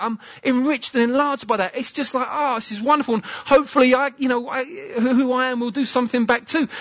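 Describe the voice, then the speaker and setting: A man's voice: extremely high pitch, a bit bright, slightly rough, no echo, muffled recording. A man preaching a conversational sermon, often asking the listeners questions. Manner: chatty, asks the listeners questions.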